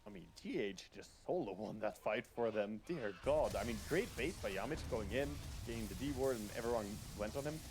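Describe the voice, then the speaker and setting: A man's voice: mid-range voice, animated, a little fast, hardly any pauses, over music. A man commentating an esports match, breaking down tactics and item choices. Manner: analytical, explaining tactics. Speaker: esports caster. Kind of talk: game commentary.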